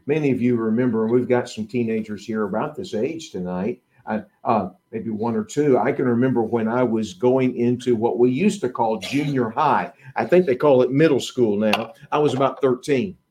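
A middle-aged man preaching a sermon, acting out the disciples' voices and swinging between loud emphasis and hushed asides. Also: mid-range voice, normal speed, hardly any pauses, slight background noise.

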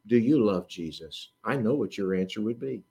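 A middle-aged man preaching a sermon, acting out the disciples' voices and swinging between loud emphasis and hushed asides. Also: lowish voice, expressive, moderate pace, vocal fry.

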